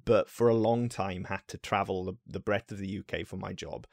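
A man's voice: low voice, fairly even intonation, normal speed, gravelly, a little mellow, dry recording, clean studio sound. A Welsh man co-hosting a podcast, talking casually in a rambling way, often restarting and swearing. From Wales. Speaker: podcast co-host. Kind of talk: casual chat.

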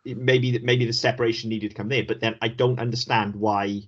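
A man's voice: fairly low pitch, steady tone, brisk. A man, co-hosting a podcast in casual chat, who is opinionated and emphatic and repeats words for stress. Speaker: podcast co-host. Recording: dull lo-fi podcast audio.

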